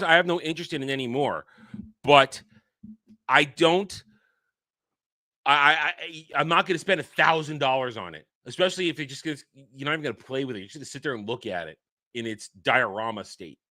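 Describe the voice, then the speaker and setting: A man hosting a commentary show, ranting angrily and swearing, sometimes shouting. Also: a little high. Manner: angry, profane, shouting rants. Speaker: show host.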